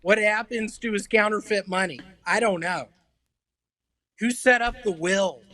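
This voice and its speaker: A man doing a stand-up set, delivering deadpan one-liners with hesitant fillers between jokes. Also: high-pitched, measured pace, no room sound, poor audio. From Memphis, Tennessee. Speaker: stand-up comedian.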